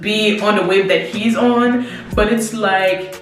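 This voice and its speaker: A young woman telling a story to her viewers in a lively, slangy way, talking straight to them. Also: mid-range voice, slow. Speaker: vlogger. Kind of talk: casual storytelling to camera. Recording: very echoey room, distant mic, faint music.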